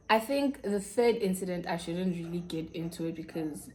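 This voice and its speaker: A woman's voice: on the low side, normal speed, few pauses, dark tone. A young South African woman with a South African accent, frankly telling a personal story to her viewers in casual, slangy chat. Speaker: YouTuber.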